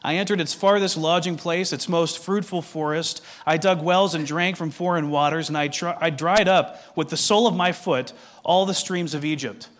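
A man preaching a sermon as pastor, reading scripture aloud and explaining it in a measured way, with direct questions to the listeners. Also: fairly high pitch, a bit bright.

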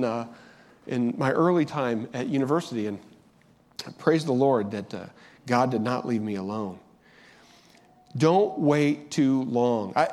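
A middle-aged male pastor delivers a sermon in an earnest, conversational way. His voice sits a little on the high side, and he often stops and restarts his sentences as he works toward his point.

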